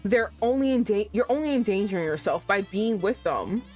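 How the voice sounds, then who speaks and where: A woman's voice: mid-range voice, expressive, a little fast, darkish tone, faint music behind, natural voice. A woman voicing a stern young male police officer in a visual novel, reading his lines curtly.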